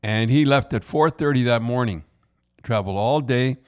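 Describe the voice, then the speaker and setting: A man's voice: mid-range voice, normal speed, darkish tone, clean tone. An older man with a Canadian accent, hosting a podcast and telling hockey stories in a rambling way, restarting often and tagging lines with "eh". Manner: rambling, repeats and restarts, says "eh". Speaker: podcast host. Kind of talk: casual hockey storytelling.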